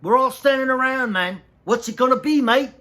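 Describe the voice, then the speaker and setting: A man mimicking a bullying Australian film director, shouting with impatience in a far higher, louder voice than his own. The tone mocks and badgers everyone on the set. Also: moderate pace. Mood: impatient.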